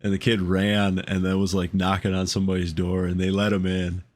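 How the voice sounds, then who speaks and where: A man's voice: sits low, monotone, fairly quick, a little hiss or hum. A man co-hosting a podcast, chatting casually with heavy swearing and frequent laughter. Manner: profane, laughs often. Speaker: podcast co-host.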